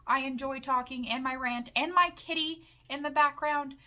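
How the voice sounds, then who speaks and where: Young woman makeup vlogger, excitable and rambling, bright voice pitched a touch high; casual home haul chat. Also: normal speed.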